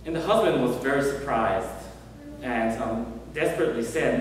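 A male reverend telling a story in a sermon, gentle and unhurried with many pauses. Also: mid-range voice. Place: temple hall. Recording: echoey hall from far off.

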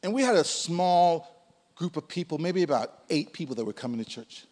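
A pastor in his sixties preaching a sermon, swinging between loud calls and hushed asides. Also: a little high, very animated, normal speed, long reverb tail. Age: 60s. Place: church sanctuary.

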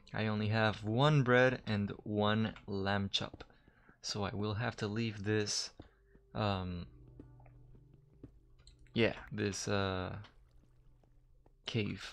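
A man's voice: fairly low pitch, vocal fry, a bit bright, a little hiss or hum. A man giving casual, chatty let's-play commentary while he games, joking at himself and swearing when startled. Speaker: gamer. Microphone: desk mic, gamer wearing headphones.

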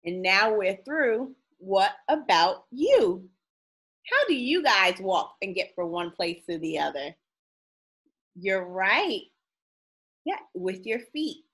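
A woman's voice: medium pitch, big pitch swings, takes it slowly, fairly bright tone, slightly rough. A woman teacher reading a picture book aloud to young children, playful and sing-song, drawing out the sound words and asking them questions.

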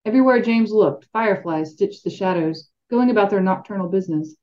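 A woman's voice: mid-range voice, brisk, darkish tone. A woman reading a fantasy novel aloud expressively as a podcast co-host, with light asides. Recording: dull lo-fi sound.

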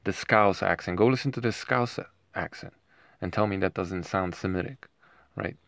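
A man with a low, gravelly voice and a fairly bright tone talks at normal speed, with no echo. He rambles through a monologue at home with dogs nearby, often tagging his points with a questioning "right?"

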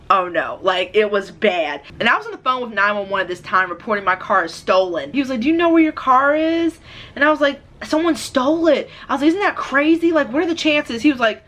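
A young woman telling a story in a casual, animated vlog while doing her hair, exasperated at times. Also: mid-range voice. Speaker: hair vlogger.

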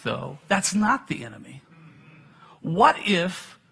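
A man's voice: high-pitched, sharp tone, breathy edge. A middle-aged man preaching a sermon, telling personal stories in a conversational way with self-deprecating humor.

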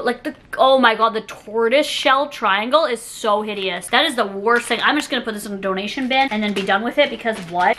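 A young woman vlogger with a bright, fairly high voice talks through an unboxing in a loose, chatty way. She giggles often and leans on "like" in nearly every sentence. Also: a little hiss or hum. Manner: chatty, giggly, heavy use of "like". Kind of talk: casual unboxing chat.

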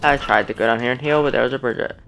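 A young man giving casual, rambling commentary on his own game, excitable and poking fun at his losses. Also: mid-range voice, rapid-fire, vocal fry, a little hiss or hum. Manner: excitable, self-deprecating, rambling. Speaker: gaming streamer.

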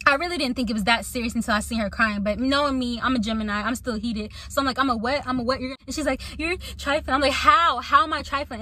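A young woman casually telling a personal story to her viewers, acting out the people she quotes and laughing along. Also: a little high. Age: young adult. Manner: animated, acts out quotes, laughs often.

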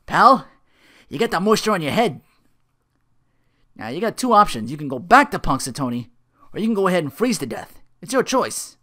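A man's voice: high voice, big pitch swings, normal speed, long pauses, sharp tone, voice pushed up, exaggerated voice. A man voicing a blunt male traffic cop who barks orders in a casual movie retelling. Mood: bossy. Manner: bossy, barking orders.

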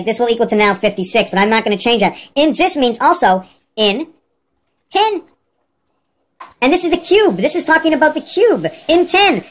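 A woman vlogger rambling excitedly through a numerology monologue, peppered with "like" and "okay?" and swinging her pitch up and down. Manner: wide jumps in pitch within a sentence.

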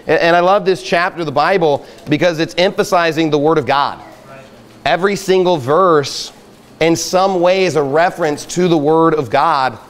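A male pastor preaching a fiery sermon at a church camping trip, emphatic and exhorting. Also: a little high. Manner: emphatic, rising to loud exhortation. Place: outdoor campsite gathering.

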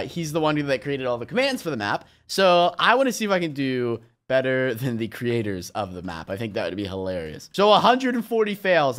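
An excitable young man narrating his own gameplay for viewers. His pitch leaps and swoops as he cheers and groans over every jump. He chats casually and yelps "flip" instead of swearing. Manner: chats to viewers while playing. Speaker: YouTuber playing a game. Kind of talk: let's play commentary.

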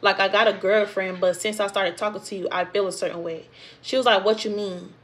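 A young woman with speech tells her own storytime straight to her viewers. Her delivery is animated and conversational, and she jumps into the voices of the people in her story. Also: medium pitch, a little fast. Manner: animated, acts out quotes of others in the story. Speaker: storytime vlogger. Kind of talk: casual storytime.

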